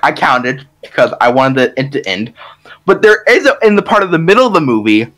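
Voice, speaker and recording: A man's voice: medium pitch, very animated, a little fast, fairly bright tone. A young man co-hosting a casual podcast, rambling and emphatic with lots of restarts. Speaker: podcast co-host. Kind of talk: casual chat.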